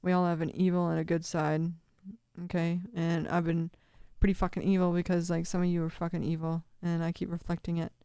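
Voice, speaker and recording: Mellow-voiced woman, rambling commentary. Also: fairly low pitch, flat delivery, fairly quick, clear, resonant tone, no room sound, studio quality. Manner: rambling, swears constantly, laughs often. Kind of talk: casual video commentary.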